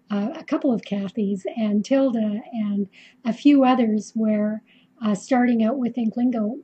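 A woman's voice: on the high side, dark tone, slightly rough, muffled recording. A middle-aged woman with a Canadian accent, hosting a live quilting tutorial in a chatty way with lots of ums and restarts. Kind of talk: casual live-stream tutorial.

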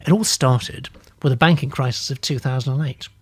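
A man's voice: medium pitch, fairly quick, breathy edge, no room sound. A man hosting a live writing show, reading a comic submission aloud theatrically and then chatting with a guest. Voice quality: animated, theatrical reader. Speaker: host.

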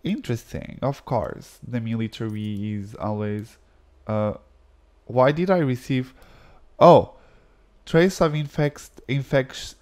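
This is a man doing relaxed let's-play commentary at an unhurried pace and a medium pitch. He is animated, exclaims at the game and reads its text aloud. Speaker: gaming video creator.

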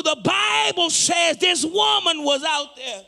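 Male pastor, high gravelly voice, shouted rhythmic sermon delivery. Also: expressive, slow pace, few pauses. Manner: preaching with shouted, rhythmic repeated phrases. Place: church.

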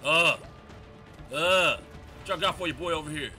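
A man giving live gameplay commentary, loud and excitable, trash-talking in slang. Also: fairly high pitch, a little slow. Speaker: gamer. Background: game music and gunfire.

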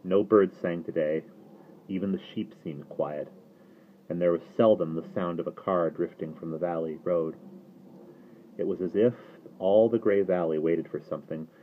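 A man reading a novel aloud in a steady storytelling delivery. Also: deep voice, moderate pace, slight background noise. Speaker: reader. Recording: tinny phone-like sound.

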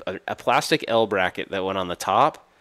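Low-voiced rambling male co-host. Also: animated, a little fast, sharp tone, clean tone. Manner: rambling, self-correcting, laughs often. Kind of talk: casual live-stream chat.

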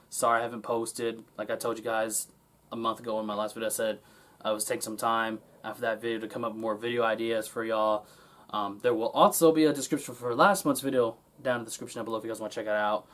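A man chatting casually to his viewers in a home vlog, rambling along and full of ums. His voice sits at an ordinary middle pitch, and he talks loosely and unscripted, filling pauses as he goes. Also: fairly bright tone. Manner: rambling, many ums and restarts. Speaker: vlogger.

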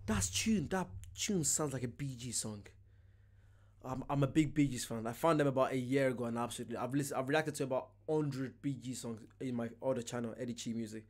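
A man hosting a reaction video, chatting casually in an excitable way and laughing often. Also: mid-range voice, a little fast, faint music behind.

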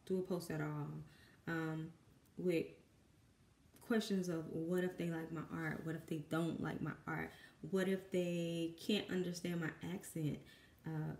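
A woman's voice: low-pitched, flat delivery, measured pace, a little mellow. A young woman with a Southern accent and a dry voice, nervously rambling as she talks through a painting at home. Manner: rambling, self-conscious, many fillers. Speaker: artist and mother. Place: home room with kids in the background. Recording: echoey room.

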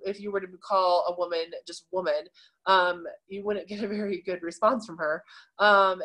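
A woman teaching an adult confirmation class, explaining scripture in a relaxed, chatty way with many fillers. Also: mid-range voice. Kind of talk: casual teaching talk on scripture.

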